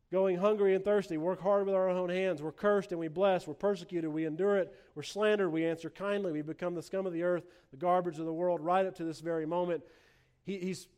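A man's voice: high voice, a little mellow. A man preaching a sermon as a pastor, earnest, restarting phrases with repeated words and acting out sarcastic quotes.

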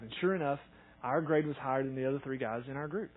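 A man preaching a sermon as a pastor, earnest, acting out quoted dialogue and swinging between loud and soft. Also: mid-range voice, fast, slightly rough. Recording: tinny phone-like sound.

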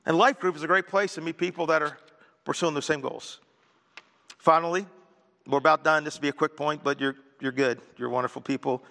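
A high, bright-toned man preaches a sermon in a conversational style with joking asides. His voice rings through a church hall with a long reverb. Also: fairly even intonation, a little fast, creaky. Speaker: pastor.

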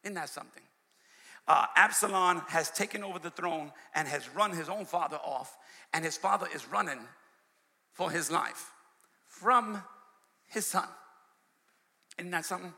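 A male preacher delivering a sermon, swinging from shouts to hushed asides and calling out to his congregation. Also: high-pitched, normal speed, vocal fry, long pauses, in a large hall. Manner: call-and-response preaching, shouting and dropping to a hush. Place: church sanctuary.

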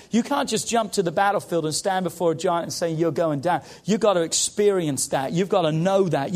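A man preaching an impassioned sermon as pastor, rising and falling with call-outs to the congregation. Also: high-pitched.

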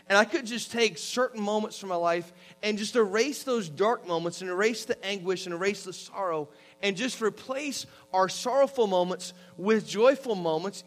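Pastor, male, earnest sermon delivery, slightly higher voice. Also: fairly bright tone. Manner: earnest, reads scripture aloud and gives step-by-step instructions.

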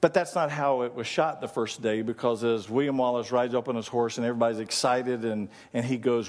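A male pastor preaching in a church sanctuary. He tells stories and then leads the congregation in prayer. His voice is mid-pitched, and it carries the long reverb of a large hall. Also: fairly quick, hardly any pauses. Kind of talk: sermon.

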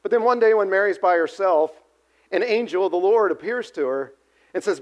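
Male pastor, high-pitched, animated storytelling sermon with audience call-outs. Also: brisk, dull audio. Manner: animated storytelling, acts out quotes, asks the audience.

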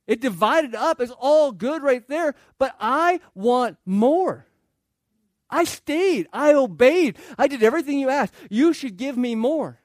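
A man voicing a resentful older brother who complains in a whiny, drawn-out voice. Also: extremely high pitch, expressive, no echo, studio quality, pitched above the performer's own voice. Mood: whining, resentful.

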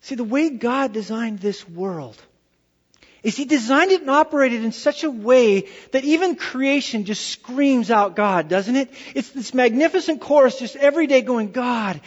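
A male pastor preaching a sermon, telling a personal story in an animated way and dropping to hushed tones for effect. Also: very high voice, normal speed, in a large hall, lo-fi sound.

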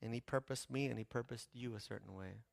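Guy preaching a sermon, gets quiet then loud, repeats himself for effect, dry close sound. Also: medium pitch, fast, gravelly, no room sound. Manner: impassioned, swinging from hushed to loud; repetitive preaching cadence. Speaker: pastor.

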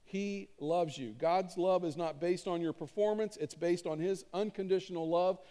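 A man's voice: high voice, moderate pace, dark tone. A middle-aged man preaching a sermon as pastor, conversational and earnest, repeating key lines for emphasis. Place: church auditorium stage. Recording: long reverb of a large hall.

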